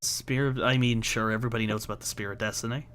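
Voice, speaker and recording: A man voicing a jumpy armed tough guy in a tabletop game, sarcastic and quick to swear. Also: mid-range voice, steady tone, a crowd in the background, pitched below the performer's own voice, close to an everyday voice. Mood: exasperated. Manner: sarcastic, swearing, mock-exasperated. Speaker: game character.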